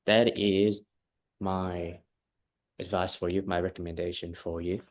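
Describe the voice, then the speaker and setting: Male English tutor, lower voice, emphatic and repetitive coaching, frequent check-ins. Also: little pitch movement, unhurried. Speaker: English teacher. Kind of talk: one-on-one lesson feedback.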